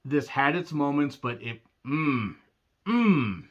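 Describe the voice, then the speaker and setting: A man giving a casual recap of a wrestling show, sarcastic and blunt, often clearing his throat. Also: mid-range voice, lively intonation, normal speed, pushed and bright, lo-fi sound.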